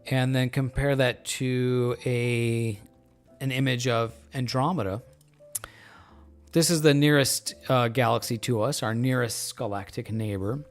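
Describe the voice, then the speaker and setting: A man hosts a relaxed live stream and explains things at an unhurried, meandering pace. He fills his sentences with ums and jokes along, slightly tipsy. Soft music plays faintly behind his voice. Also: mid-range voice. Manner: slow, rambling, many fillers; relaxed, joking. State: a bit tipsy from beer. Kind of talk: casual live-stream chat.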